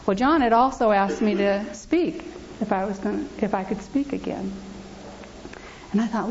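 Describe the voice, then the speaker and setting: Pausing often, a woman of medium pitch and darkish tone delivers an emphatic church testimony at a moderate pace, reciting scripture aloud as she preaches. It's a dull lo-fi recording with slight background noise.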